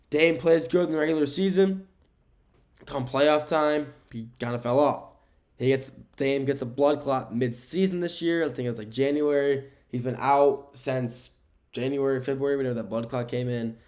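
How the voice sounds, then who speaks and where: A man's voice: medium pitch, darkish tone. Rambling opinionated young man talking sports. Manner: rambling, opinionated, self-correcting. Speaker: podcast host. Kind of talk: casual sports commentary. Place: home room with window blinds.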